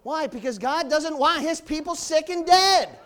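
A male pastor preaching a loud, fiery sermon in church, punctuated with hallelujahs. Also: extremely high pitch, expressive, unhurried.

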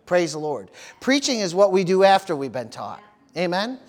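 A man's voice: high-pitched, sing-song, normal speed, soft background music. A man preaching a sermon as pastor, often stopping for amen, praise the Lord and hallelujah, repeating words as he goes. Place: church service.

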